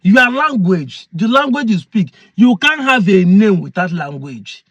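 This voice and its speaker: A community chief with a Nigerian English, Igbo accent explains a point earnestly, repeating key phrases to drive them home. His voice is high and a bit bright with big pitch swings and a slightly slow pace, in lo-fi sound without echo.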